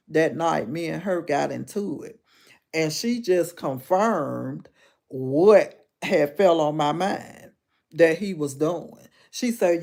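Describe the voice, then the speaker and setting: A woman's voice: deep voice, takes it slowly, gravelly, a little mellow. A woman hosting a live stream, casually telling her viewers a personal story and repeating phrases for emphasis.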